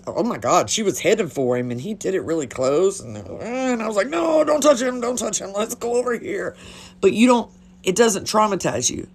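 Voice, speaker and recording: A woman's voice: deep voice, a little mellow. A woman talking casually on a phone livestream, blunt and chatty, swearing freely. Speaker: livestream host.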